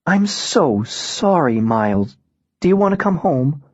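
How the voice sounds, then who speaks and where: A man's voice: very animated, takes it slowly, mellow, slightly rough, no room sound, muffled recording, full character voice. A man voicing an anxious middle-aged mother who worries about her son on the phone. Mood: worried. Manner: anxious, raised pitch.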